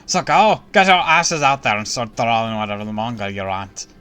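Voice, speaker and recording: A man's voice: medium pitch, expressive, normal speed, fairly bright tone, soft background music, natural voice. A man voicing a frazzled, sleepless manga artist on deadline in a game, reading the lines aloud on a stream in a brash, bossy way.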